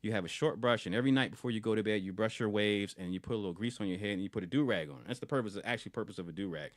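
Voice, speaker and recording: A man, a podcast co-host, retelling a film scene in casual review chat, animated and often restarting and repeating words. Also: on the low side, rapid-fire, no echo, studio quality.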